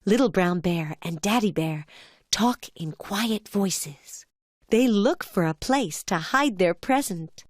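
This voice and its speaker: A woman narrating a children's cartoon in a clear, gentle storytelling voice, recorded as a studio voice-over. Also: medium pitch, animated, takes it slowly, no room sound.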